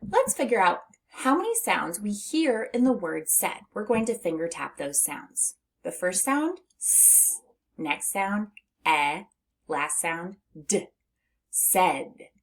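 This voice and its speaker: A middle-aged woman at medium pitch, with big swings up and down, leads a phonics lesson for young children. She's patient and supportive, pulling words out slowly and laughing gently between steps.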